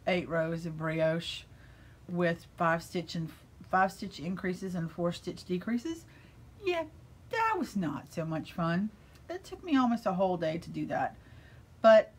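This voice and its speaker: Bubbly American woman gushing about knitting. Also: fairly low pitch. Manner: bubbly and gushing, with breathy asides. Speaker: yarn shop owner and vlogger. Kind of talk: casual chat about knitting. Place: her yarn shop.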